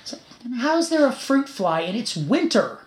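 Man, podcast host, animated pitch, chatty, swears a lot, echoey room. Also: normal speed, a little hiss or hum. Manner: chatty, lively, swears casually. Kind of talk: casual chat.

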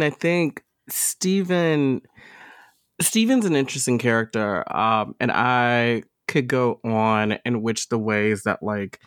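Male podcast co-host, very slow and thoughtful, dry close sound. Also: medium pitch, smooth, no echo. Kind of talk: casual discussion.

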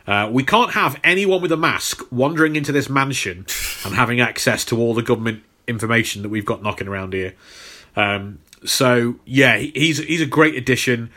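A man's voice: medium pitch, moderate pace, bright, forceful tone. A man co-hosting a podcast in casual chat, rambling with lots of fillers and repeated words. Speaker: podcast co-host.

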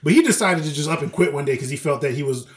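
A man co-hosting a podcast, telling animated work stories in casual, profane chat and acting out his coworkers' lines. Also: a little high, rapid-fire. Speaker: podcast co-host.

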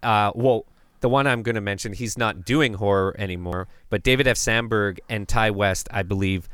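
A man on a horror film podcast, talking casually and full of fillers, who tells stories by acting out what each person said. His voice is fairly low for a man, smooth and clear. The recording is dry. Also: normal speed, a bit bright, no echo. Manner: storytelling, acts out quoted people, many fillers. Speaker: podcast co-host. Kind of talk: casual chat about horror films.

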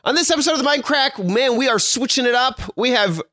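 A man's voice: very high voice, fast talker, dry recording, studio quality. A man hosting a casual podcast, reading a sponsor spot and joking with his guests. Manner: animated, jokey, reads ad copy then banters. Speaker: podcast host.

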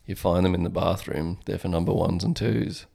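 A man co-hosting a comedy podcast and running a quiz segment, deadpan and hesitant. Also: low-pitched, normal speed, creaky.

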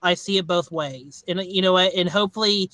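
High, bright-voiced podcast host rambling. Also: male voice, no room sound. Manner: rambling, halting, many restarts and fillers. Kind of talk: casual movie review chat.

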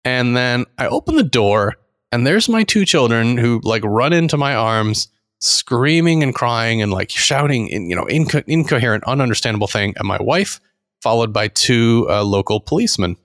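A man's voice: medium pitch, normal speed. A middle-aged man telling a long story in casual podcast chat, acting out the voices of the people in it. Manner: animated anecdote teller, acts out quotes. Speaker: podcast co-host.

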